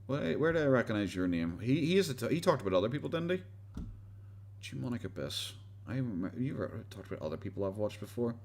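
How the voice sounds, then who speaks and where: A man's voice: medium pitch, big pitch swings, fast talker. An Irish man hosting a casual commentary livestream, rambling sarcastically with frequent stumbles and restarts. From Ireland. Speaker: livestream host.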